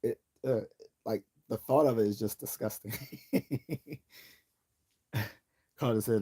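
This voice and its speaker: A man's voice: fairly low pitch, takes it slowly, long pauses, warm tone, breathy edge. A man hosting a livestream, rambling casually with lots of profanity and frequent laughter at his own jokes. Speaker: livestream host.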